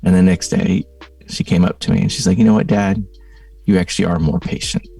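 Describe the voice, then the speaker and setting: A man's voice: deep voice, flat delivery, brisk, vocal fry, dark tone, recorded from a distance, soft background music. A middle-aged man, a podcast guest, telling a reflective story in a thoughtful, conversational way, full of "you know" and "like.".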